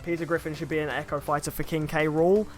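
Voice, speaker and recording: A man's voice: on the high side, level tone, fast talker. A young man chatting casually while streaming a video game, rambling and reading viewer comments aloud. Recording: faint game music behind.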